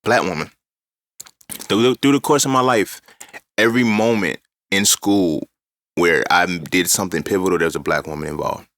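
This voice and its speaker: Deep, bright-toned man talking animatedly. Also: normal speed, no room sound. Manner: animated, profane, conversational storytelling. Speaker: podcast host. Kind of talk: casual monologue.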